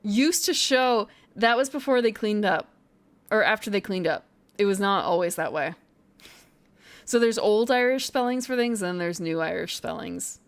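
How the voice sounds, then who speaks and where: A woman's voice: on the high side, lively intonation, normal speed, clear, resonant tone. A woman streamer chatting casually on a live stream, thinking aloud, muttering to herself and sounding out foreign phrases.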